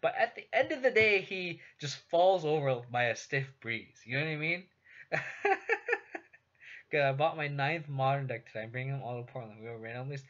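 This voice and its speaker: A man's voice: medium pitch, expressive, fairly quick, a bit bright. A young man with a West Coast American accent chatting casually while streaming a card game, swearing and laughing often. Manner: laid-back, swears a lot, laughs often. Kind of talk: casual chat while gaming. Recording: dull lo-fi stream audio.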